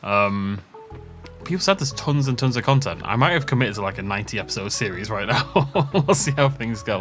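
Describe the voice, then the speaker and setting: A man narrates his first session of a farming game in a loose, rambling way, cutting himself off and chuckling at the villagers. His pitch moves around in an animated way. Gentle game music sits quietly under his voice. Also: brisk. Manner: rambling, self-interrupting, chuckling asides. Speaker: let's play host. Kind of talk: casual gameplay commentary.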